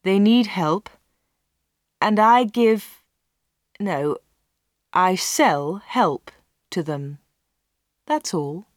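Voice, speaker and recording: A woman narrator voicing a secretive, short-tempered man in a storybook reading, lower and slow. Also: expressive, dry recording, clean studio sound. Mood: insistent.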